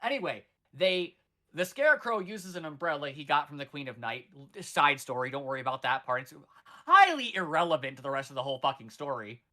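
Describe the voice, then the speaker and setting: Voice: mid-range voice, big pitch swings, brisk, pushed and bright. A podcaster in their thirties recapping a movie in casual, rambling chat, sarcastic and full of swearing. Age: 30s. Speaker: podcast co-host.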